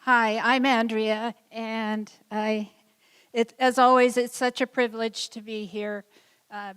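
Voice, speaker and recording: A woman's voice: medium pitch, clear, resonant tone. A woman who raised a guide dog puppy, telling amused anecdotes about it at a graduation. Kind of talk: storytelling speech. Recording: reverberant hall.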